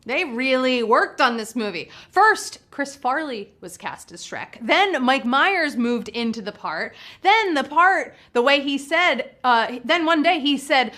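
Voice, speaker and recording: A woman's voice: high-pitched, lively intonation, unhurried, sharp tone. A woman hosting a live trivia game show, bubbly and playful, reading questions and hyping up the players.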